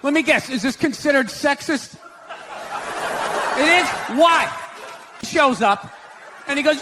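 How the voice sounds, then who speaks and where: A man's voice: very high voice, animated, unhurried, pauses often. A man doing a stand-up comedy set, ranting and sarcastic with a lot of profanity, in front of a live audience. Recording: live show with loud crowd laughter and room noise.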